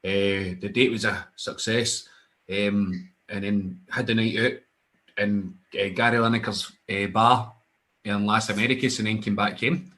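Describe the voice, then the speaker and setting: A young Scottish wrestler, appearing as a guest, tells stories in casual chat, swearing a lot and acting out the other voices in his anecdotes. His voice is fairly low and steady with a sharp tone, and he speaks a little slowly.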